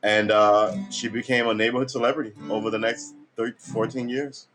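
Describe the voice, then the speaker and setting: A just-woken, tired man tells a meandering story as he practices guitar, laid-back and casually profane, his sentences trailing into fillers. He speaks at a normal speed in a steady, mid-range voice.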